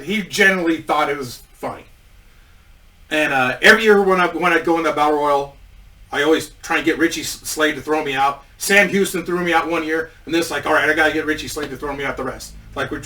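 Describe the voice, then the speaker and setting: A man's voice: a little high, pushed and bright, far from the mic, rough recording. A man telling a casual story about his wrestling days, rambling with many restarts and frequent swearing.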